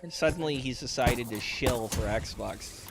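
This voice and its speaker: A man's voice: mid-range voice, measured pace, vocal fry. A man chatting casually with his siblings while gaming, rambling and teasing them. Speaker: gamer. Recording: noisy game audio behind.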